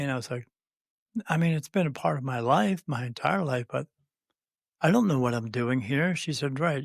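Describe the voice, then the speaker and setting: A man in his late fifties recounts a personal story for a podcast, pausing often with "uh" and restarting his sentences as he quotes others. His voice sits at a middle pitch for a man, and the recording is close and dry, with no room sound. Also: creaky, dry recording. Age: 50s. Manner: halting, many fillers and restarts, quotes others' words. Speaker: podcast guest, spirit medium. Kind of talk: storytelling in casual conversation.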